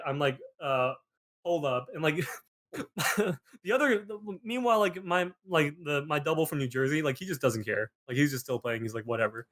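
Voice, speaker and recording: A young man hosting a podcast, telling a story in a rambling casual way, filling every pause with "like". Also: on the high side. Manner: rambling, peppered with "like", animated retelling. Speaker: podcast host.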